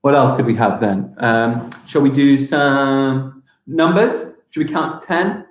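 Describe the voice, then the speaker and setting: A young man teaching a live online lesson to young children, with animated and exaggerated pronunciation. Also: mid-range voice, unhurried, reverberant. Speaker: primary school teacher.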